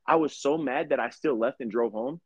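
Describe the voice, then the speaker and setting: A man's voice: medium pitch, normal speed, breathy edge, no echo, dull audio. A young man co-hosting a podcast, telling rambling, profane stories in casual chat. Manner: profane, rambling, animated storyteller. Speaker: podcast co-host.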